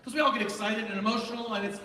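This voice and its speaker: A man presenting to a large live student audience in an auditorium, energetic and animated as he directs the crowd. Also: high-pitched, very fast. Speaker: event presenter. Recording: echoey hall, voice from far off.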